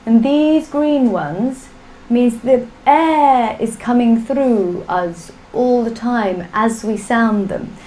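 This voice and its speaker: A Sanskrit teacher leads a live online class, patiently drilling sounds for students to repeat. Her fairly high, warm voice takes things slowly, though the recording quality is low.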